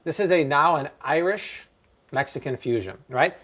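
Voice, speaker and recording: A man's voice: a little high, moderate pace, fairly bright tone. A man hosting a live-stream cooking show from his home kitchen, chatting playfully and joking with his viewers. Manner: playful, jokey, puts on mock accents.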